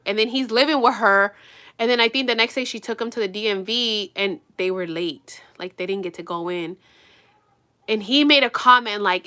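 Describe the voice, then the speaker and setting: A woman vlogger gossips her way through a get-ready-with-me chat, rambling and cursing freely as she talks straight to her viewers. Her voice sits a little high and sounds very bright and sharp. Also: animated, moderate pace. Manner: rambling, profane, gossipy storytelling; addresses viewers directly. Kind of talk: casual chat while getting ready.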